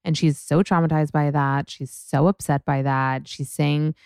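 A woman's voice: deep voice, fairly even intonation, measured pace, darkish tone, clean tone, no room sound, clean studio sound. A young woman hosting a podcast, chatting frankly and profanely about celebrity gossip in a rambling way. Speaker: podcast host. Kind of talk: casual gossip chat.

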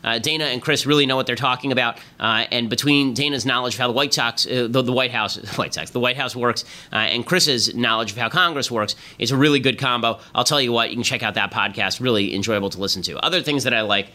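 A man hosting a political commentary podcast, talking in a fast, emphatic, sarcastic way. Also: mid-range voice, bright, forceful tone. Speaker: podcast host.

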